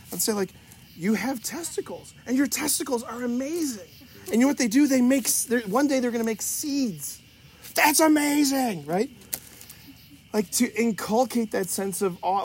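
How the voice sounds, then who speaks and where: A middle-aged man, a sex education teacher, tells classroom stories and gives advice in a lively way, laughing often and acting out his students' voices. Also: high-pitched, a little hiss or hum. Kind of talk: animated storytelling and advice.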